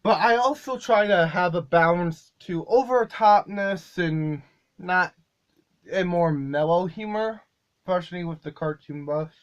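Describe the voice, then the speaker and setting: A man's voice: high-pitched, unhurried, highs cut off. A man casually explaining how he makes his comedy videos, rambling a little and correcting himself as he goes. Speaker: video creator. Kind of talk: casual behind-the-scenes explanation.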